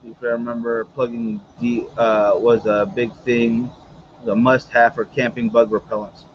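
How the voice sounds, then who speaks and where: A man's voice: mid-range voice, flat delivery, unhurried, highs cut off, a little hiss or hum. A man hosting a casual cigar livestream, chatty and rambling, with many fillers and asides to his viewers. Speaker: host of a cigar morning show.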